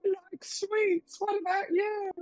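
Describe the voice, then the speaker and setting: A man's voice: very high voice, flat delivery, slow pace, dry recording, soft background music, voice pushed up. A tiny meek griff boy. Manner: meek, piping.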